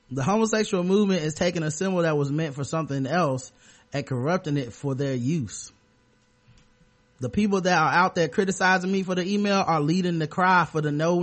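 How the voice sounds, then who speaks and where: A man's voice: fairly high pitch, fairly bright tone. Sarcastic man hosting a podcast. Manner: sarcastic, joking, loose and rambling. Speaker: podcast host. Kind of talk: casual comedic podcast chat.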